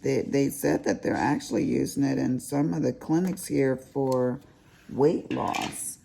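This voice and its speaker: A woman's voice: very deep voice, unhurried, gravelly, mellow, slight background noise. An older woman, chatting casually and teasingly to viewers while she crafts. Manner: chatty, folksy, teasing, addresses viewers as y'all and honey. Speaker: crafting vlogger.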